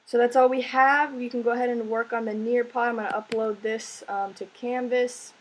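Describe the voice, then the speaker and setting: A Spanish teacher with a fairly high, steady voice gives a recorded language lesson, explaining things step by step. She speaks slowly and patiently, often checking in with "right?" The recording quality is low.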